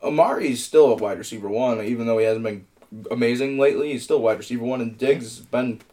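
A man hosting a casual fantasy football chat, rambling and quick, laughing often. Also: medium pitch, dark tone. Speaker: podcast host running fantasy football picks.

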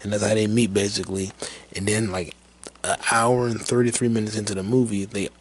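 A man's voice: lowish voice, little pitch movement, fairly quick, breathy edge. A man hosting a podcast, chatting casually and rambling with lots of fillers and profanity. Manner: rambling, profane, laid-back, with many fillers. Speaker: podcast host. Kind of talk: casual movie chat.

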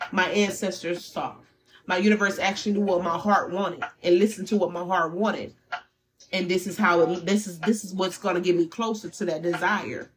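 Candid woman giving a tarot reading. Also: fairly low pitch. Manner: animated and candid, with slang and swearing. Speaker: tarot reader. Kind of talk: casual spiritual reading.

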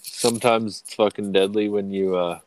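A man's voice: lowish voice, fairly even intonation, moderate pace, a little hiss or hum. A man in his thirties co-hosting a podcast, chatting casually with heavy swearing and frequent laughs. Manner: profane, rambling, laughs often. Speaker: podcast co-host. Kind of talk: casual chat.

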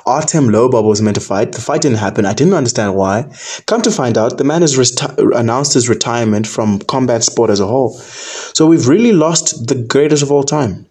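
A young man talks through fight news on his own in a loose, rambling way, and his voice sits at an ordinary middle pitch. He leans on "man" and "right?" throughout his casual commentary. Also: darkish tone, slightly rough. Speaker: combat sports podcast host.

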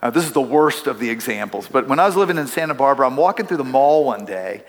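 A middle-aged pastor with a mid-range, animated voice preaches quickly in a church sanctuary. He talks conversationally, telling stories with asides to the congregation, and the hall adds a long reverb.

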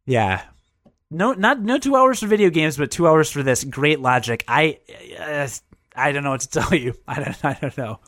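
A man's voice: fairly high pitch, animated, moderate pace, a bit bright, no room sound, studio quality. A man co-hosting a casual podcast, teasing his partner and laughing often. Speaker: podcast co-host.

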